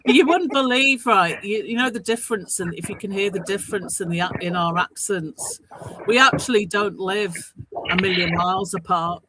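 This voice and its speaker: An English woman on a chat panel, feisty and quick with sweary comebacks. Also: mid-range voice, noisy background. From England. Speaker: panel guest. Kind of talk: casual group chat.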